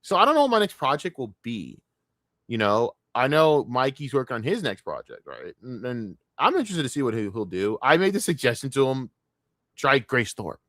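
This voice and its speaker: A man's voice: mid-range voice, huge pitch swings, normal speed, fairly bright tone, no echo, clean studio sound. Brash man ranting on a live stream. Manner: profane, combative and mocking. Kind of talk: casual live-stream rant.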